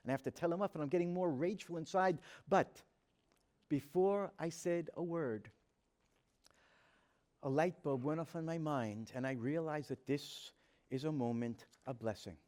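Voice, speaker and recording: A man's voice: a little high, moderate pace, a little mellow. A man, a rabbi, telling a personal story to an audience in an earnest, dramatic way, acting out the dialogue he quotes. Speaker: rabbi giving a talk.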